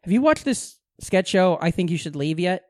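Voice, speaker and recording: A high-pitched young man co-hosting a casual podcast. He tells stories with animated, swear-laden energy. The sound is dry and close, with no room around it. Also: normal speed, no room sound. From Omaha, American Midwest. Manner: animated storyteller, swears freely. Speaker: podcast co-host. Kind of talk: casual chat.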